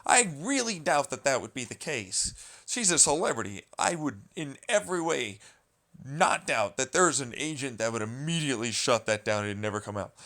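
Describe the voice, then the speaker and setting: A man's voice: medium pitch, very animated, moderate pace, a bit bright. A man vlogging a rambling, profane, exasperated commentary rant.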